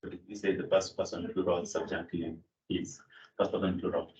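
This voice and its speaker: A man with a lowish voice lectures on grammar in a classroom, pausing on fillers and correcting himself as he goes. He sounds set back from the mic, with a roomy echo and a dull, muffled tone. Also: little pitch movement, darkish tone. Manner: explanatory, with fillers and self-corrections. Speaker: Greek lecturer. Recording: echoey room, distant mic, dull sound.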